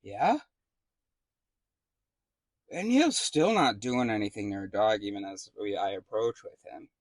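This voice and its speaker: A man's voice: lowish voice, animated, unhurried, no room sound. A man casually telling a rambling story to the camera, swearing freely and restarting his sentences. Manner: rambling, profane, full of fillers and restarts. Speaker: vlogger.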